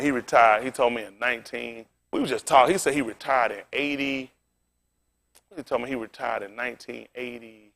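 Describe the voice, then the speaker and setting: A man preaching a fiery sermon, firing rhetorical questions at the congregation and dropping into low, conversational asides. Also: a bit bright. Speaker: pastor.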